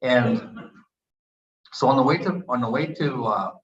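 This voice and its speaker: A man in his sixties from Canada, a retired hockey player telling animated stories at a book event and acting out the quotes. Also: medium pitch, measured pace. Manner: animated anecdotes with acted quotes. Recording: echoey, dull room recording.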